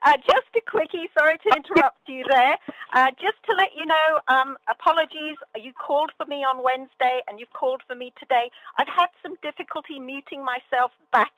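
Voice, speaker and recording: Woman from the uk on a conference call, apologetic and chatty, high voice, dry close sound. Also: brisk, pushed and bright, no room sound, rough recording. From United Kingdom. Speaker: doctor on the call. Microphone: phone line.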